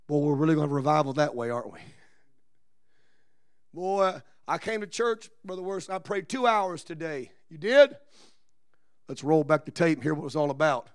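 An expressive male pastor delivers a Pentecostal sermon at a moderate pace. He starts with low-key, quiet musing and builds to rhythmic, shouted exhortation marked by "uh."

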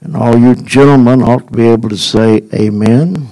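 A man preaching a sermon in a folksy, deliberate way, building to a rising, emphatic cadence. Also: mid-range voice, steady tone, dark tone, poor audio.

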